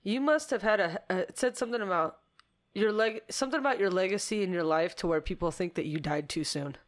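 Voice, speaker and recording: A woman co-hosting a relaxed podcast, laughing through tears while she tells a story. She talks in an animated, emotional way and breaks into laughter often. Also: medium pitch, fast. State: teary, laugh-crying. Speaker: podcast co-host. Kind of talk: casual chat.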